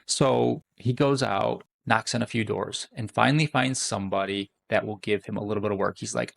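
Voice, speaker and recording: Gravelly man giving a motivational talk. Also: lowish voice, steady tone, normal speed, few pauses. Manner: earnest storytelling. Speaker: podcast host. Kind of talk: motivational monologue.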